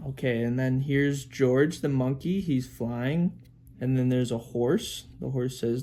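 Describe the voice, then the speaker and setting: Slow, gentle father reading aloud. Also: medium pitch. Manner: gentle, pointing out pictures and making animal sounds. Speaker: father reading to his daughter. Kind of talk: picture-book read-aloud.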